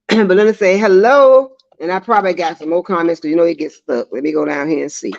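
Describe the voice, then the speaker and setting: A woman's voice: on the low side, brisk, no room sound. A woman hosting a casual livestream, chatting and laughing often as she reads viewer comments aloud. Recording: dry, slightly dull lo-fi sound.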